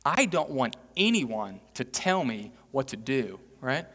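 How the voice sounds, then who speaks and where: A man's voice: mid-range voice, big pitch swings, slow pace, a bit bright. A male pastor from Texas giving a chatty, self-mocking sermon, often tossing "right?" to the congregation. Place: church sanctuary. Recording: echoey church hall.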